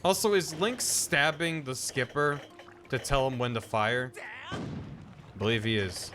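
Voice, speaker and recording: A man's voice: mid-range voice, measured pace, over music. A man streaming a video game, making joking, sarcastic asides and swearing at the game. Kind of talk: casual gameplay commentary.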